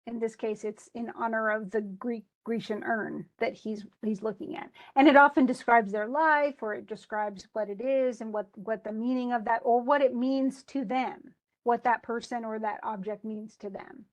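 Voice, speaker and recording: A woman teaching poetry in a lesson, her voice sitting a little on the high side. She talks with false starts and slows down to stress the syllables she means. Her tone is patient. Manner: thinking aloud with restarts, slowing to stress words. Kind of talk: live tutoring on meter.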